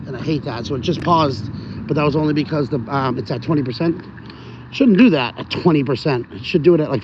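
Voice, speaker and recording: A man's voice: mid-range voice, darkish tone. Man rambling live on a phone outdoors. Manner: rambling, talks straight to viewers. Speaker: vlogger streaming live. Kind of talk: casual live stream chat. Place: outdoors on a rainy city street. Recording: dull phone audio with street noise.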